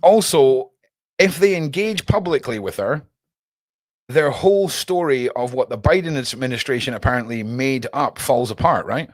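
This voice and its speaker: A man's voice: mid-range voice, expressive, moderate pace, no room sound, studio quality. A man hosting a livestream, chatting sarcastically and jokily with lots of slang. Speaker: livestream host. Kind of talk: casual commentary.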